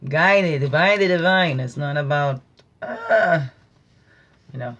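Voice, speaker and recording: A woman hosting a spiritual teaching talk, with a bright, clear voice. She muses and wanders between thoughts, stretching out key phrases slowly for emphasis. Her tone is earnest and unhurried. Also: sits low, big pitch swings, lo-fi sound, slight background noise. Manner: meandering, reflective, musing asides. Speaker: host.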